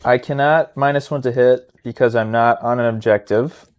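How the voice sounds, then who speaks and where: A man's voice: medium pitch, steady tone, normal speed. A man playing a tabletop wargame, chatting casually and playfully, getting hyped and tossing in jokey asides. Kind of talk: casual battle report banter.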